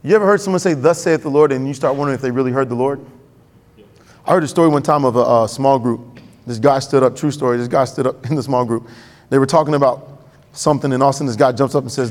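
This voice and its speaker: A man's voice: mid-range voice, fast, a little mellow, in a large hall. A male pastor preaching a sermon in a conversational way, acting out quoted voices.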